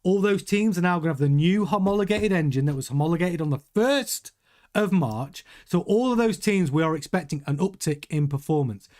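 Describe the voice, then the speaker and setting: A man hosting a casual motorsport news commentary, animated and jokey, often laughing. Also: a little high, fairly quick. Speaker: news host.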